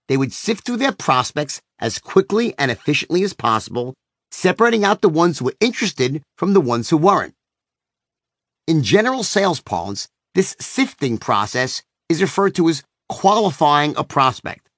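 A man's voice: on the high side, fairly bright tone, no echo, studio quality. A man narrating his own book as an audiobook in a brash, emphatic manner. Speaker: author-narrator.

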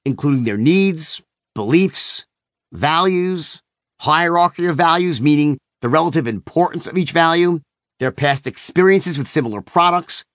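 A man's voice: fairly high pitch, animated, normal speed, a bit bright, no room sound, clean studio sound. A man narrating his own book as an audiobook in a brash, emphatic manner. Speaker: author-narrator.

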